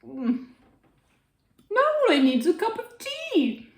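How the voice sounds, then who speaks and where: A woman hosting her own cooking vlog, chatting to viewers in a bright, high voice. She is bubbly and quick to giggle as she bakes and tastes. The sound has a noticeable echo from a home kitchen. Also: wildly swooping pitch. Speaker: cooking channel host.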